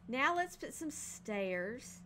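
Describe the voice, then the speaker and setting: A woman's voice: high-pitched, big pitch swings, takes it slowly, sharp tone, slight background noise. A woman casually narrating her home build in a game, thinking aloud with frequent ums and hesitations. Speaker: game building video creator.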